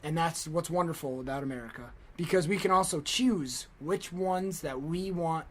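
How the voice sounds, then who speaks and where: A man's voice: on the high side, normal speed. A man co-hosting a podcast, ranting in casual, profane, emphatic chat. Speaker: podcast co-host.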